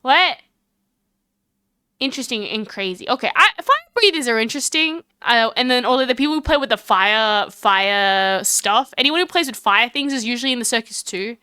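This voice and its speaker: A young woman streaming a game live, chatting excitedly with her viewers and reading the characters' lines aloud. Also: a little high, normal speed, clean tone, no room sound.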